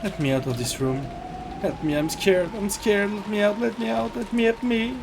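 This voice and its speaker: A man's voice: sits high, fairly even intonation, normal speed, gravelly, background noise. French man reading a terrified trapped young woman. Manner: pleading, repeated cries. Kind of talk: reading a visual novel aloud. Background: game music.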